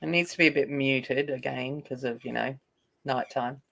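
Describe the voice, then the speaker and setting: A woman's voice: rumbling low, fairly even intonation, normal speed, creaky, a bit bright. An Australian woman hosting a coloring live stream, chatting casually and rambling while answering viewer comments. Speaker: coloring channel host.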